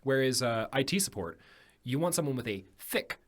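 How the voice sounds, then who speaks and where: A man guesting on a studio podcast, musing aloud with frequent ums and pauses. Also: medium pitch, lively intonation. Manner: thoughtful, hesitant, many ums. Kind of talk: casual chat. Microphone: studio microphone.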